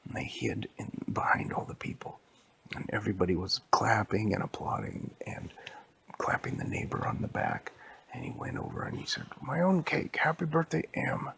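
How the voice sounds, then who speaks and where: A man telling an improvised bedtime story in a hushed, mostly whispered voice. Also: sits low, huge pitch swings, moderate pace, creaky, breathy edge.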